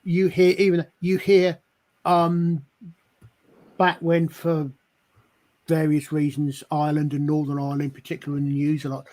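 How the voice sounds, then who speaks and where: A man's voice: on the high side, flat delivery, normal speed, long pauses, a little mellow. A man hosting a casual live-stream discussion, rambling with many restarts and fillers. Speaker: stream host.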